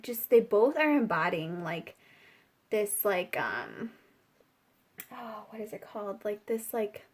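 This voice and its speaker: A woman's voice: mid-range voice, sing-song, takes it slowly, long pauses. A woman giving a casual spiritual tarot reading, chatty and giggly, with many fillers. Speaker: tarot reader.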